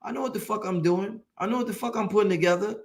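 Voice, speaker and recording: A man with a high, creaky voice talks fast in a loose, emphatic motivational sermon to his late-night live-stream audience. He keeps driving points home through repetition and swears freely.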